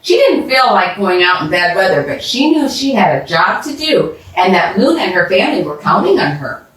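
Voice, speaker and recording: A woman storyteller reading a children's story aloud, with an animated manner, recorded in an echoey room from a distance. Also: medium pitch, normal speed. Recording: roomy echo from a distance.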